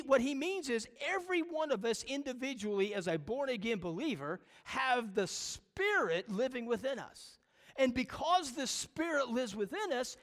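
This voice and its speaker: A pastor preaching a sermon, emphatic and full of rhetorical questions and repeated phrases. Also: male voice, very high-pitched, long reverb tail.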